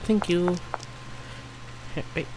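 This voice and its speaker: A young man commentating a horror game, excitable and goofy, reading dialogue aloud and reacting loudly. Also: high voice, takes it slowly, background noise. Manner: excitable, yelps and laughs, reads lines in silly voices. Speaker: gameplay commentator. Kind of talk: let's play commentary with voiced dialogue.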